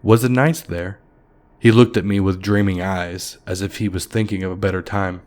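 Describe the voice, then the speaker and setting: Deep-voiced man narrating a horror story. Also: level tone, a little mellow. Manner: measured, somber storytelling.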